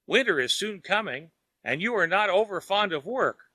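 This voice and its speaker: A man voicing a calm, kindly neighbor who teases in a mild way. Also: high-pitched, moderate pace, no room sound, voice pushed up, full character voice. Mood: mocking. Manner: mild, teasing.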